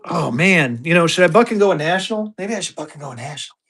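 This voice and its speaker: A man runs a live online auction, chatting casually with viewers and thinking out loud while he sorts his stock. His fairly high, fairly bright voice is expressive and slightly rough, and he talks at a quick pace.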